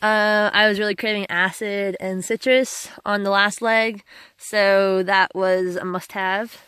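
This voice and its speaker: A woman hiker telling stories to the camera outdoors, chatty and animated, laughing often. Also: mid-range voice, a little slow, smooth, no room sound. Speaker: long-distance hiker vlogger. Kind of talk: casual storytelling to camera. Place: outdoors by a trail road.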